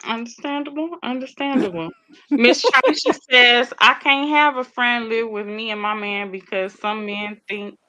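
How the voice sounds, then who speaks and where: A woman's voice: a little high, steady tone, measured pace, sharp tone, poor audio. A woman hosting a talk show, chatty and affirming as she reacts to her guest. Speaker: host. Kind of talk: casual chat.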